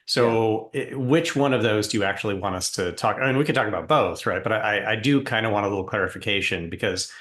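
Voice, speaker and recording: Male podcast host, lowish voice, measured, steers talk. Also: fairly bright tone. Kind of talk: casual podcast discussion.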